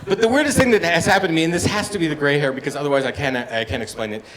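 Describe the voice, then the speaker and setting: A man in his fifties performing a stand-up comedy set, telling stories and acting out other voices with loud punchlines. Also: fairly high pitch, rapid-fire. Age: 50s. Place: comedy bar stage with live audience. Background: audience laughter and room noise.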